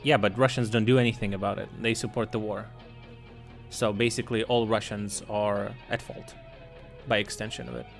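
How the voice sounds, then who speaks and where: A man streaming reaction commentary, swearing and ranting in loud outbursts. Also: fairly low pitch, little pitch movement, moderate pace, creaky, soft background music.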